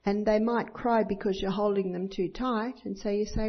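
A woman's voice: mid-range voice, steady tone, normal speed. A woman giving a teaching talk to an audience, acting out bits of dialogue and often asking listeners for agreement. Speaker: parenting teacher at a church talk. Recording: dull lo-fi recording.

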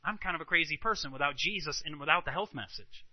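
A high-pitched man tells animated stories as a Christian health speaker, often checking in with a rhetorical "right?". The sound is dry, with little room echo. It is also somewhat dull and lo-fi. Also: quick pace. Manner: animated, anecdotal, frequent rhetorical "right?" asides. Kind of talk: storytelling talk to a live audience.

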